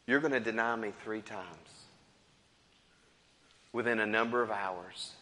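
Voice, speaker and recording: A man voicing Jesus in a sermon retelling, speaking low, hushed and slow. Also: steady tone, long reverb tail. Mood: gently stern. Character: Jesus, calm and gently stern.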